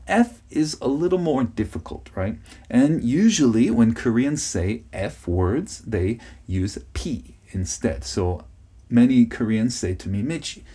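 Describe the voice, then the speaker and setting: A man's voice: lowish voice, warm tone, breathy edge. A man teaching English pronunciation on his podcast, patiently repeating key words and checking in with "okay?". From United States.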